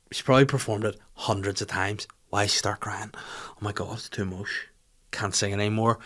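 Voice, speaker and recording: A man hosts a podcast from a small studio, talking in a casual, comedic way. He rants and jokes with lots of swearing. His delivery is animated and sits at a middle pitch for a man. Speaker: podcast host.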